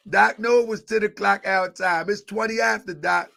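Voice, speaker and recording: A man hosting a live online show, chatting casually, with a repetitive, excitable, joking manner. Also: high voice, gravelly. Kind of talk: casual livestream chat.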